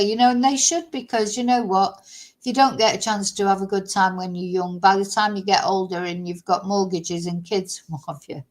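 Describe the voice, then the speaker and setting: Woman, true crime streamer, chatty, rambling, lots of fillers. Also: mid-range voice. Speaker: commentator on a true crime channel. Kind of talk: casual live-stream chat.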